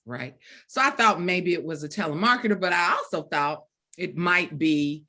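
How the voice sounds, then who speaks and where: A woman in her fifties from the Deep South, telling a story as an author guest, acting out the dialogue and laughing often. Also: big pitch swings, normal speed, sharp tone. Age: 50s. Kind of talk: storytelling in a virtual book event chat.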